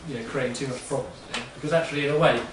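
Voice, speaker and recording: Speaking at a racing pace with fairly even intonation, this medium-pitched man rambles casually to a live audience and keeps asking "yeah?". The room echoes, the mic is distant, and there's faint background noise.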